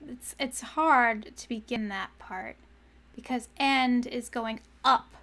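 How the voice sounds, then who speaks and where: Soft music plays behind a young woman who is live-streaming and working out song lyrics aloud in casual chat. She repeats phrases, laughs often and trails off as she hunts for words, speaking slowly in a pushed, bright, rather high voice.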